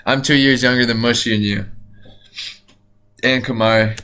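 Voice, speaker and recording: A young man streaming, reacting out loud in casual chat, profane and excitable, laughing often. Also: medium pitch, normal speed, clean tone. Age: young adult.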